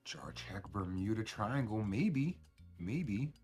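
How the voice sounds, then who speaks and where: A man's voice: lowish voice, big pitch swings, takes it slowly, darkish tone, faint music behind. A man hosting a casual live stream, talking in loose, profane, rambling slang to his chat. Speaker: cannabis stream host.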